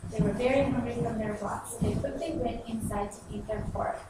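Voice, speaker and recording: A woman reading a storybook aloud to children in an expressive, sing-song way. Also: fairly high pitch, a little fast. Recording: echoey, far-off noisy room.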